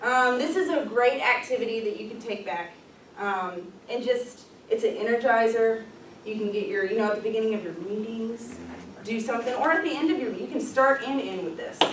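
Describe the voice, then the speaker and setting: A woman's voice: fairly high pitch, moderate pace, a little hiss or hum. A woman presenting a leadership workshop, talking in an upbeat, casual way with frequent ums and light laughs. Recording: echoey room, voice from far off.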